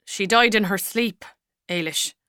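Gentle middle-aged priest, voiced by a woman narrator, soft and careful, unhurried. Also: mid-range voice, clean tone, no echo, studio quality.

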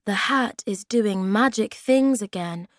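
Calm quietly wise young wanderer voiced by a woman, steady storybook tone, unhurried, dry sound. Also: mid-range voice, dry recording, voice pushed up, close to an everyday voice.

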